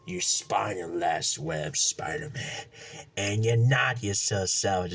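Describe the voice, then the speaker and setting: A man's voice: low voice, vocal fry, a bit bright, slightly rough, heavily acted. A man doing a hissing, menacing supervillain. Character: menacing male supervillain, taunting and cruel.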